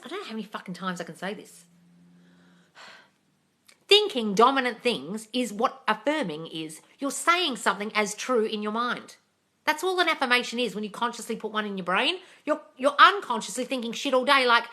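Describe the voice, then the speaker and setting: Slightly high, animated and fairly quick, this woman sounds bright and forceful. She coaches a livestream audience on manifesting by responding to their comments, swearing openly and calling each person darling while staying blunt.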